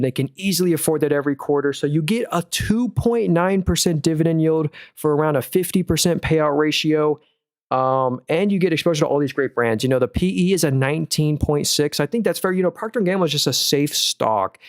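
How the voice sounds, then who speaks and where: A man's voice: medium pitch, no echo, studio quality. A young man chatting casually on a livestream at home, rambling and thinking aloud as he reads viewers' chat. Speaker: livestream stock analyst.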